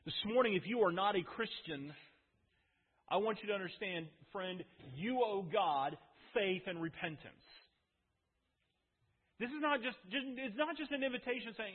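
A man's voice: high-pitched, animated, normal speed, breathy edge. A male pastor preaching an earnest, emphatic sermon in a church, repeating his points. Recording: tinny, echoey church hall.

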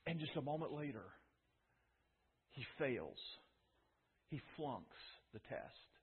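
Man, pastor, sermon, husky, tinny phone sound. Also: mid-range voice, very animated, slow pace. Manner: storytelling, emphatic with repeated restarts.

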